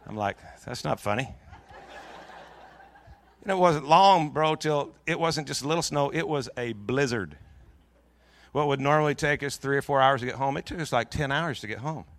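A middle-aged man preaching in a church, telling a long personal story in a jokey, lively way with many restarts. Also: medium pitch, brisk. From Pacific Northwest of the US. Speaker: pastor. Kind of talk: storytelling sermon.

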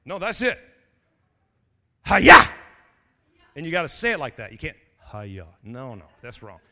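A man preaching an energetic sermon as pastor, full of stammered restarts, jokey asides and sudden shouted exclamations. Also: medium pitch, fast talker, long reverb tail.

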